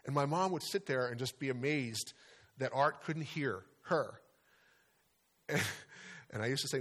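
A man's voice: a little high, normal speed, a bit bright, slightly rough. A middle-aged man preaching a sermon as pastor, earnest and conversational, weaving in personal stories.

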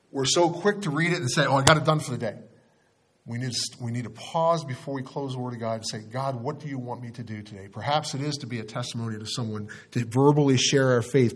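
A man's voice: medium pitch, slightly rough. A man leading a Bible study sermon, speaking plainly and earnestly, with frequent fillers and restarts. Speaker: pastor.

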